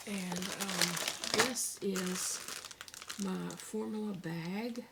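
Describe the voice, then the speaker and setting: A woman with a Southern American accent talking casually to her viewers at home, candid and soft-spoken with pauses and fillers, emotional after crying. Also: medium pitch, very noisy. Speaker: vlogger. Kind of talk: casual vlog talk to camera. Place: at home, indoors.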